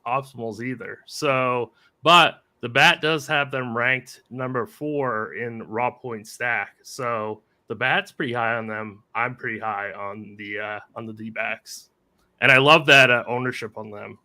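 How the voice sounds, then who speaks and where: A man with a very bright, sharp, forceful timbre co-hosts a casual sports betting chat. He delivers his picks in an upbeat, quick-fire way, with a middle pitch. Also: fairly even intonation. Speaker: co-host.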